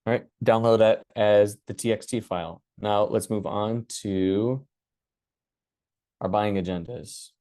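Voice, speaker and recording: A man hosting a workshop, walking through his screen in a relaxed, casual way and thinking aloud with many fillers. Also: on the low side, a little slow, dry recording, clean studio sound. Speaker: workshop host. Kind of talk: casual screen-share walkthrough.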